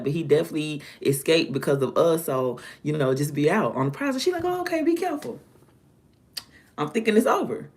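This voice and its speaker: A woman, telling a story to her viewers in an animated, dramatic way. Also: low voice. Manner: animated, dramatic retelling with acted-out quotes. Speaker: vlogger.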